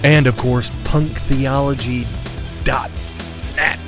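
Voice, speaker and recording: A man hosting a podcast, reading a measured scripted introduction. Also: medium pitch, steady tone. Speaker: podcast host. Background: guitar music.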